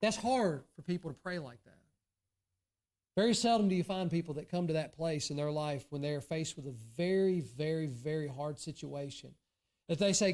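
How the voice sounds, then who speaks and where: Southern US male pastor, high voice, earnest sermon delivery that swings from hushed asides to raised emphasis. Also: moderate pace. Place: church sanctuary.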